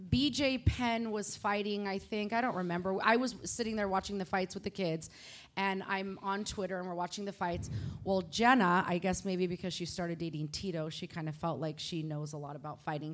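A woman telling a story on stage at a live podcast, animated and blunt, swearing freely. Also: medium pitch, moderate pace.

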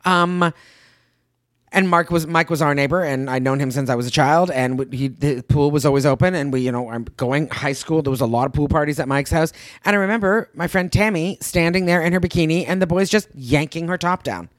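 A woman in casual podcast chat, telling animated stories in a rapid, heated way and swearing freely. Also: sits low, dry recording, clean studio sound. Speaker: podcast co-host.

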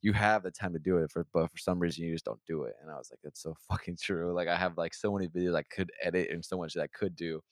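A man's voice: sits low, fast, hardly any pauses, no room sound, studio quality. A young man telling a rambling, profane story in a casual podcast chat. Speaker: podcast co-host.

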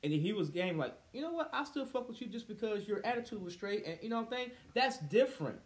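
Young guy, kinda high voice, cussing and acting out everybody in his stories. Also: fast talker. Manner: profane, animated storyteller who acts out quotes. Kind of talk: casual chat.

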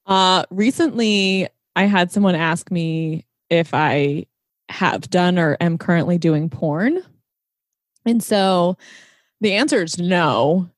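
A woman's voice: on the low side, takes it slowly, dry recording, clean studio sound. A woman co-hosting a podcast in casual chat, frank and profane, teasing her friend. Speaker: podcast co-host.

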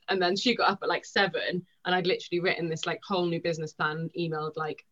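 A young woman talks in a lively, quick rush, slipping into little acted-out quotes as she explains. Her voice sits a bit low for a woman. The recording sounds dull and lo-fi. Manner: rapid, animated storytelling with acted-out quotes. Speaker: guest. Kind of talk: podcast conversation.

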